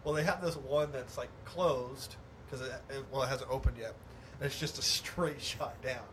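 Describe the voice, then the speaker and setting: A man in a casual podcast chat, an animated storyteller who laughs mid-sentence. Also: medium pitch, normal speed. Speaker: podcast host. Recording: noisy background.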